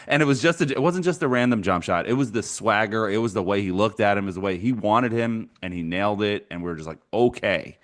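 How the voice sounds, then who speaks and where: A man with a very deep voice co-hosts a sports talk podcast. He tells his stories with animation and breaks into laughter along the way. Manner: animated storyteller, laughs often. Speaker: podcast co-host.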